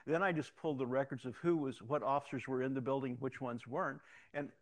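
This testimony comes from a man who is both a police officer and a pastor, telling his stories fast and with animation. He voices the dialogue, often stumbles into repeated words when beginning a sentence, and speaks at a medium pitch.

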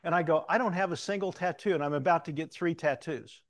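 An older man preaching in a loose, conversational way, drifting into personal stories and restarting his sentences. His voice sits a little higher than most men's. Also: fast. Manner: rambling, conversational, with self-interrupting restarts. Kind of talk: informal sermon with personal stories.

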